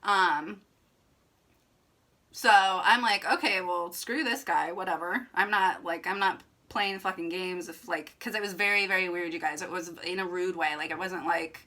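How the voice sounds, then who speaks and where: Young woman vlogger, slightly low but bright tone, chatty emphatic storyteller. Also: steady tone, moderate pace. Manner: chatty, filler-heavy with frequent "like", emphatic. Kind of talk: casual storytelling to camera.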